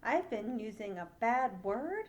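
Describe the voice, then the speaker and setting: A woman's voice: on the high side, sing-song, unhurried. Woman doing a squawking little bird. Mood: worried. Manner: squawking cries. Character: small excitable young male bird.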